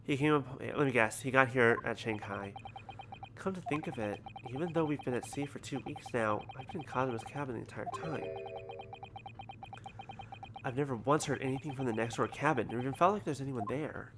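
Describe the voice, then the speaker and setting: A man's voice: mid-range voice, a little fast. Jokey streamer man reading a game aloud. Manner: casual, jokey, swears. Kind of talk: let's-play commentary and reading game dialogue aloud. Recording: background noise from home stream setup.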